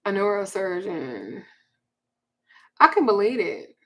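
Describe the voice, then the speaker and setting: A woman's voice: medium pitch, slow pace. Blunt, profane Southern woman telling stories. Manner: blunt, profane, animated, with sudden loud jumps. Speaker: livestream host reading viewer comments. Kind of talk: casual storytelling chat.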